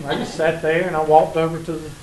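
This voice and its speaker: A man's voice: fairly high pitch, flat delivery, fast, darkish tone, slight background noise. A man with a Southern accent teaching a college math class, telling stories and joking with his students. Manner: folksy, joking, teasing the class. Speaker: math instructor. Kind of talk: classroom lecture with storytelling. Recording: echoey classroom with faint ambience.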